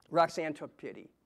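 A middle-aged man with a notably high voice shares his testimony from the pulpit of a church. He tells the story earnestly, stumbling over and restarting words as he goes. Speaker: guest preacher giving testimony. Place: church sanctuary.

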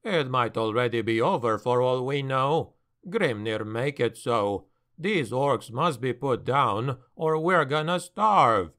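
A man's voice: mid-range voice, animated, takes it slowly, a bit bright. A man voicing a bitter, weary male dwarf harbor master who grumbles his complaints, for an audiobook.

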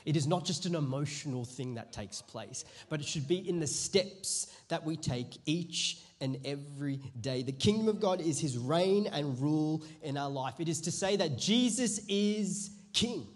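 A man preaching a sermon as pastor, chatty at first and then rising to loud, emphatic preaching. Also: a little high, animated, normal speed, hardly any pauses. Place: church auditorium.

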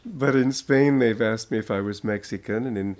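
A man's voice: on the low side, heavy background noise. An older American man, a spiritual teacher, giving an informal talk to an audience, telling stories and laughing often as he goes. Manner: slow, chuckling storyteller.

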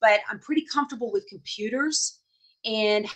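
Chatty bright-voiced woman teaching. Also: fairly high pitch, moderate pace. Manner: chatty and reassuring, addresses viewers by name. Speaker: host of a live embroidery tutorial stream. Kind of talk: casual live-stream teaching, reading viewer comments. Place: home sewing room with a dog nearby.

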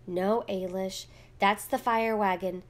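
A woman voicing a brave older girl in a storybook, soft and reassuring. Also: medium pitch, fairly even intonation, slow, natural voice. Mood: comforting. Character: brave older immigrant girl, calm and comforting.

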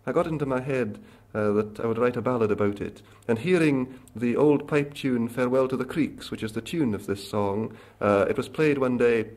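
A Scottish man in his thirties, a folk singer giving thoughtful spoken commentary between songs, pausing often with filler sounds. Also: medium pitch. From Scotland. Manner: thoughtful, hesitant, with frequent pauses and filler sounds. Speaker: folk singer and song collector.

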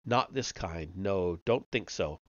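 A man voicing an ancient male tree librarian with a thick, raspy voice, a strange accent and oddly inverted, cryptic speech. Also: sits low, expressive, slow pace, dry recording, lo-fi sound. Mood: cryptic, ominous.

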